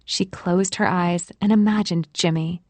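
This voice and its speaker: A woman narrating an audiobook in a gentle, measured manner. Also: fairly low pitch, steady tone, no echo. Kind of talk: scripted narration.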